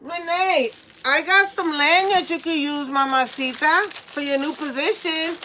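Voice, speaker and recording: A middle-aged woman hosts an emotional live-stream jewelry sale, tearful and laughing as she talks. Her high, a little slow voice has a sharp tone with a slight hiss or hum, and she affectionately greets viewers by name, calling them mamacita.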